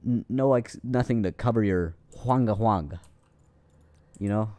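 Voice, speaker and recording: A man's voice: lowish voice, normal speed, mellow, a little hiss or hum. A young man casually telling a rambling, profane story with lots of restarts, as a streamer.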